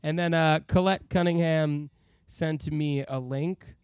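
A man's voice: fairly high pitch, steady tone, slow pace, a little mellow, clean tone, no room sound. A man co-hosting a casual podcast, reading listener emails aloud and joking around. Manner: reads listener emails aloud, jokey, slips into silly voices. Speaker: podcast co-host.

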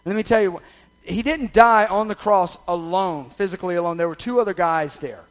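A man preaching a sermon, swinging from loud, emphatic passages to soft, confiding ones and checking in with the congregation. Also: high-pitched, a little fast. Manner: conversational, checks in with the audience. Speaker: pastor.

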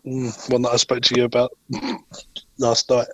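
A man co-hosting a casual podcast chat, with teasing, deadpan banter. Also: mid-range voice, a little slow, dry recording, rough recording. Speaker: podcast co-host.

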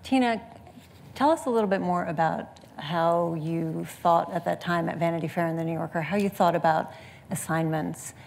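A woman moderating a panel conversation who asks thoughtful, measured questions. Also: on the low side, gravelly, a little mellow.

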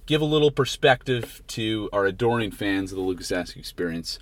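A man's voice: on the low side, animated, brisk, dry recording. A man from Canada hosting a casual podcast interview, teasing and asking long rambling questions. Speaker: podcast host.

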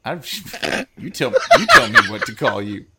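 A man's voice: a little high, wildly swooping pitch, moderate pace, heavy background noise. A man hosting a podcast in casual, joking chat, often trailing off with fillers as he speaks. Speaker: podcast host. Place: studio.

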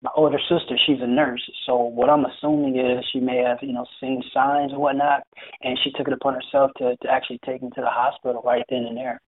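A young man with a husky, slightly breathy voice recounts his experience in an interview, pausing often and restarting his sentences. His voice comes through a narrow, tinny line like a phone call. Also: mid-range voice, flat delivery. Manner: hesitant, many fillers and restarts. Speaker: interview guest. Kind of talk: personal story in conversation.

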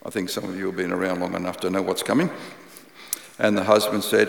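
A man preaching a sermon, praying and reading scripture in a measured, earnest way, repeating key phrases. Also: low voice, little pitch movement, vocal fry. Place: church hall. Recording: echoey church hall with long reverb.

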